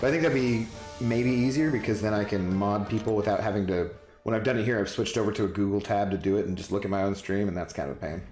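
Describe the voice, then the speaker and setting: Talking fast in a lowish voice, a male game streamer rambles with his chat and calls out viewers by name as he responds to each. His voice reverberates in a spacious room, with music clearly playing beneath.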